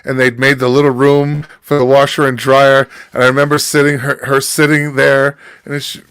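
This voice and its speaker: A man's voice: mid-range voice, little pitch movement, normal speed, a bit bright, smooth, no echo. A man co-hosting a podcast, telling stories in a profane, casual way. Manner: profane, storytelling. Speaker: podcast co-host. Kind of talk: casual chat.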